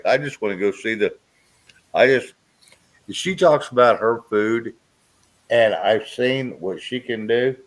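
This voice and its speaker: A man chatting casually as host, blunt and joking, laughing often. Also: fairly low pitch. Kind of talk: casual chat.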